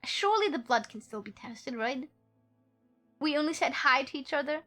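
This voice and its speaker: Giggly, high-voiced woman streamer. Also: animated, normal speed, bright, forceful tone, faint music behind. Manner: playful, giggly, jokes with chat. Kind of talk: game stream, reading story text and chatting.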